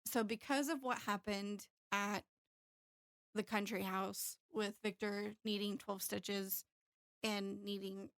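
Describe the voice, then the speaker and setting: A woman's voice: medium pitch, steady tone, slow, a bit bright, no room sound, clean studio sound. A woman in her thirties telling a personal story candidly in casual chat, with plenty of fillers. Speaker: podcast co-host.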